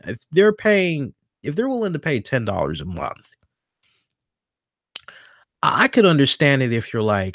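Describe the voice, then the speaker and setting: A man's voice: medium pitch, unhurried, pauses often, no room sound. Chatty male podcast host, dry sound. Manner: chatty, repeats and stammers, grows animated listing options. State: hiccuping after beer. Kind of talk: casual wrestling news talk.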